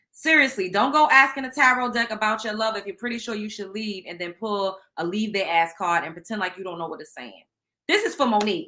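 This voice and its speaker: A woman hosting a show, chatting casually with viewers and reading out tarot cards in a loud, animated, profane way. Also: medium pitch. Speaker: show host.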